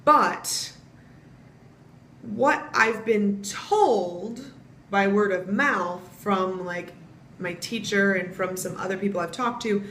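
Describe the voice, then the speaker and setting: A young American woman talks in a relaxed, chatty way and spells words out letter by letter as she explains them. Her voice sits in a middle register. The room is echoey, with a faint hum of ambient noise underneath. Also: mid-range voice. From United States. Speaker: vlogger teaching Portuguese pronunciation. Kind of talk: casual vlog lesson.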